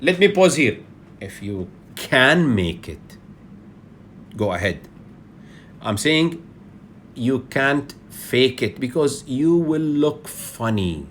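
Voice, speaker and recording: A man's voice: mid-range voice, takes it slowly, long pauses, slight background noise. A man from Bahrain with a Bahraini accent, teaching public speaking in a lecture and checking in with listeners by often saying "yeah". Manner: animated, repeats "yeah" as a check-in, with frequent fillers.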